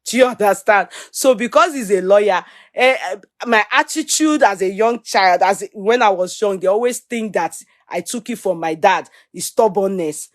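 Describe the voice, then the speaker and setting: A middle-aged Nigerian woman hosting a live stream, reading out viewer comments and shout-outs. She talks in an animated way at a medium pitch and drifts easily into Pidgin and Yoruba. The sound is dry and close, with little room tone. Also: normal speed, no echo. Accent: Nigerian, Yoruba-influenced English. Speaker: livestream host.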